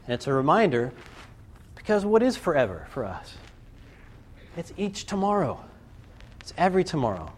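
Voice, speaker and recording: A man giving a storytelling talk to a student audience, animated and acting out scenes and voices. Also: on the high side, normal speed, long pauses, a little hiss or hum. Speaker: speaker addressing students. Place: live talk to a group.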